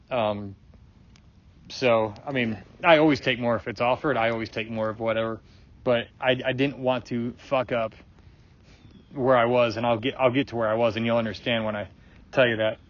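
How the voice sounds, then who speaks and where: A man telling a personal story in casual talk, loose and rambling, with many fillers and restarts and plenty of swearing. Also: medium pitch. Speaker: guest sharing a personal story. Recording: dull lo-fi recording.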